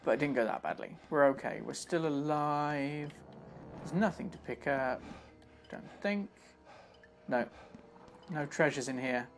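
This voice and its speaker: A man's voice: a little high, a little slow, long pauses, a little hiss or hum. A man giving chatty, self-mocking live commentary while he plays a video game and talks to his viewers. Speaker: streamer playing a game. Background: game music.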